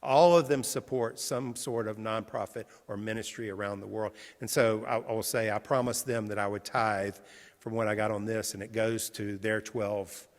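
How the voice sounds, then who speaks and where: A man's voice: lowish voice, steady tone, normal speed, big-room sound. A male pastor giving a sermon, telling stories conversationally and retelling his interviews. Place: large church sanctuary.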